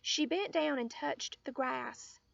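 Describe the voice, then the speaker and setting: A woman voicing a bossy, excitable little rich girl in a storybook reading. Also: slow pace, vocal fry, dry recording, exaggerated voice. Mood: bragging. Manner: shrill, showy and excitable. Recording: dull lo-fi audio.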